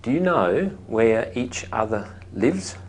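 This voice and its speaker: A language teacher explaining syllable stress to a class, modelling words slowly and deliberately, and prompting students with short questions. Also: medium pitch, sing-song, darkish tone.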